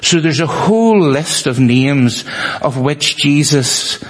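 A man's voice: on the high side, expressive, slow pace. A male preacher giving a sermon, repeating phrases for emphasis and joking with the congregation. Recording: long reverb of a hall.

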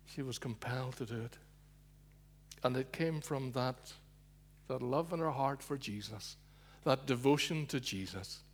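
Husky-voiced man preaching a sermon. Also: a little slow, long pauses. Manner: storytelling, shifting between loud emphasis and hushed low asides.

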